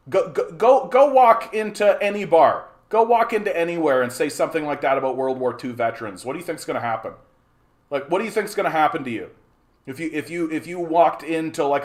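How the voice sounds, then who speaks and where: A man ranting at his live chat from a home streaming setup, heated and mocking, with a steady swear-laden delivery. His pitch sits in an ordinary middle range, and he keeps tripping over and repeating his words as the anger builds. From Canada. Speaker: livestream host. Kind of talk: angry rant to a live chat.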